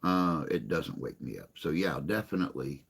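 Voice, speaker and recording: A man's voice: a bass voice, animated, moderate pace, gravelly, slightly rough. A man hosting a morning live stream, chatting casually and joking with viewers in a rambling way. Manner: rambling, joking, reads and answers chat.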